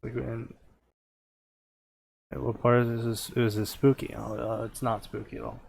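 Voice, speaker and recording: A man's voice: mid-range voice, little pitch movement, moderate pace, creaky, darkish tone, husky, no echo. A young man reading fanfiction aloud with sarcastic comic commentary, mocking the story as he goes. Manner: sarcastic, mocking, breaks into laughter. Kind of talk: comedic dramatic reading with commentary.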